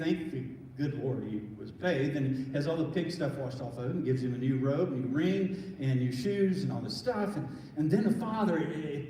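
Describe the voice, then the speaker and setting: A pastor preaches a sermon in a church sanctuary, earnest and conversational, frequently restarting his sentences. His voice is fairly high and warm, recorded from a distance in an echoey hall.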